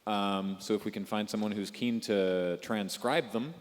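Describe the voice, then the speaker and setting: Male panelist, casual and rambly, slightly low voice, miked in a reverberant convention hall. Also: fairly even intonation, unhurried. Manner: rambling, chatty, lots of fillers and restarts. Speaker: panelist on a live comedy web show panel. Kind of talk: casual live panel chat. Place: large convention hall stage.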